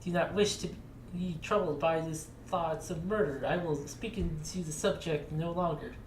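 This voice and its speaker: A woman's voice: sits low, moderate pace, close to an everyday voice. Woman doing a stiff, formal evasive man. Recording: echoey room with faint noise.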